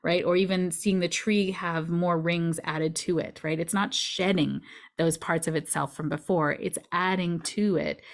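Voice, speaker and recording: A woman astrologer giving a casual weekly forecast in a chatty, reflective way, often adding "right?" to her points. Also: fairly low pitch.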